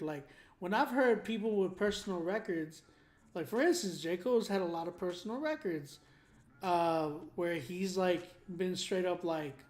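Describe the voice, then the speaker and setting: A young man hosting a song critique stream, talking in an animated, emphatic way with many fillers. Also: sits high. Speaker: host giving song critiques. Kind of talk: livestream critique chat.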